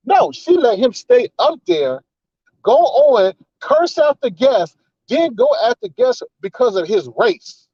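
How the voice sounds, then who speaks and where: A man's voice: extremely high pitch, big pitch swings, takes it slowly, mellow, slightly rough, no room sound. A man giving an indignant, profane, repetitive rant in a commentary vlog. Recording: slightly dull, dry recording.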